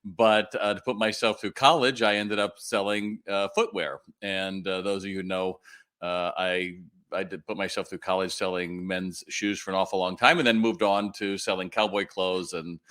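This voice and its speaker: Man, middle-aged, slightly low pitch, live Q&A host, casual and animated, frequent fillers. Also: moderate pace. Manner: chatty, animated, many fillers and restarts. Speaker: retail consultant hosting a live Q&A. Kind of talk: casual livestream talk.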